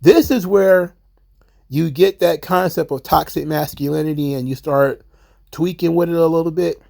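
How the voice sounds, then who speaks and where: Gravelly man recapping a wrestling show. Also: a little high, fairly even intonation, dark tone. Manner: paraphrases characters in quick offhand voices, chatty. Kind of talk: casual commentary recap.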